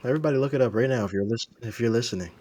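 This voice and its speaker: A man in his twenties co-hosting a casual podcast with friends, talking in a relaxed, easygoing, rambling way. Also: medium pitch, very fast, a loud crowd. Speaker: podcast co-host and editor. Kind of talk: casual chat among friends.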